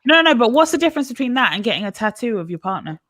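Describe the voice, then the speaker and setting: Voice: mid-range voice, big pitch swings, very fast, a crowd in the background. A podcast host who argues points, asks pointed questions and tries to keep the group speaking one at a time. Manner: argumentative, moderating, questioning. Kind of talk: casual group chat.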